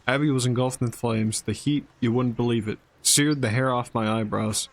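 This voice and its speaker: A man's voice: mid-range voice, steady tone, normal speed, lightly acted. A man voicing a grieving, stubborn old male villager from a narrative game, reading the lines aloud in a plain voice.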